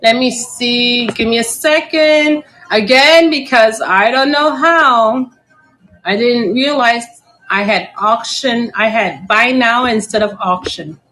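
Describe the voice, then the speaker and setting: A woman's voice: fairly high pitch, slow pace, bright, forceful tone, faint music behind, low-quality recording. A middle-aged woman hosting a casual live plant sale. She chats, giggles often and stumbles over plant names, sometimes spelling them out. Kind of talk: casual live-auction chat.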